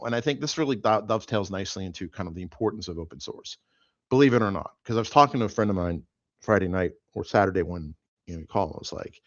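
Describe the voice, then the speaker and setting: Rambling low-voiced man, dull sound. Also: dry recording. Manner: rambling, animated storytelling with many fillers. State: sore after an accident. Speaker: host. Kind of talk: casual chat.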